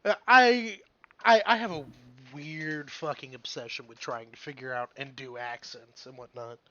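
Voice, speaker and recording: A podcast co-host in casual chat, animated and mock-indignant, swearing freely. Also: medium pitch, normal speed, highs cut off.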